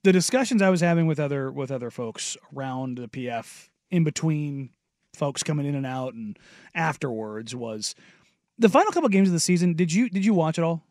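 A laid-back man talking sports in a casual podcast chat, with a voice a little higher than most men's. He often drops quieter and laughs easily. The sound is dry and close. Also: lively intonation, a little fast, dry recording.

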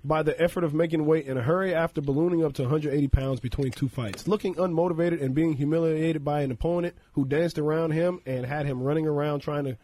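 A man's voice: a little high, fairly even intonation, quick pace, few pauses, mellow, a little hiss or hum. A man co-hosting a casual podcast, playful and self-mocking, who laughs often. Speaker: co-host.

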